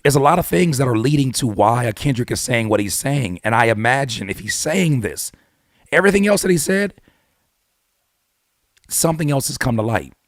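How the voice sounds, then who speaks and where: A man hosting his own channel, giving blunt, animated hip-hop commentary full of rhetorical questions and casual swearing. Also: mid-range voice, a little fast, few pauses, no echo, studio quality. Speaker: YouTube host and rapper. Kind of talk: opinionated music commentary.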